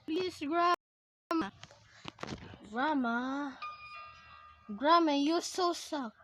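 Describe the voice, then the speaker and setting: A woman playing a horror game, pleading, yelling and shrieking at it as she goes. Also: sits high, extremely slow, faint music behind. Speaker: gamer. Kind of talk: horror game playthrough commentary.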